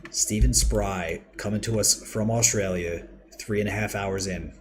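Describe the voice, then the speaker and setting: A man's voice: on the low side, steady tone, a little slow, slight background noise. A man hosting a live game stream, chatting casually and rambling as he builds and reads out viewer messages. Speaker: livestream host. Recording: audible keyboard typing and clicks.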